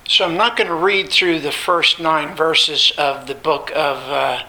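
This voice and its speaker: A man teaching a Bible study lecture, stressing points with repetition and pausing often on filler sounds. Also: a little high, steady tone, sharp tone, rough recording.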